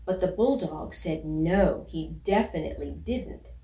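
A woman reads a children's picture book aloud, gentle and measured, at an unhurried pace with a somewhat low voice. The sound is roomy and a little distant from the mic. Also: lively intonation. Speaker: storybook reader.

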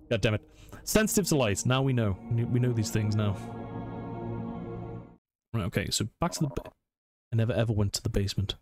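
A man's voice: fairly low pitch, lively intonation, a little fast, long pauses, a little mellow, soft background music. A man commentating a horror let's play, nervously narrating his every move to himself. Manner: jumpy, self-narrating, talking himself through scares. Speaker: gaming channel host.

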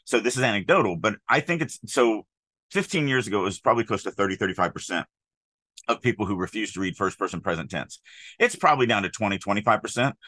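A man's voice: fairly low pitch, animated, quick pace, bright, forceful tone, no echo. A middle-aged man co-hosting a writing podcast, talking casually in an opinionated, emphatic way with rambling asides. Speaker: podcast co-host, author. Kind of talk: casual chat on writing craft.

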